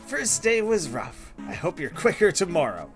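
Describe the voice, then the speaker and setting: A stern farm overseer barks out slow, clipped orders, as a man puts him on while reading game dialogue aloud. The voice sits a little higher than a man's usual talk and stays measured and bossy throughout the commands. Guitar music plays underneath. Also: wildly swooping pitch, heavily acted. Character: stern male overseer farmer working for a baron. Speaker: game character voiced by a let's player.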